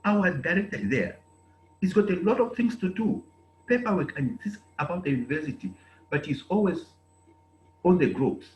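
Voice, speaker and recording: A Zambian man with a Zambian English accent, a program director, lectures students at an online intake meeting, scolding them with emphatic repetition. His voice is high-pitched with lively intonation at a moderate pace. The low-quality recording is reverberant, with a little hiss or hum.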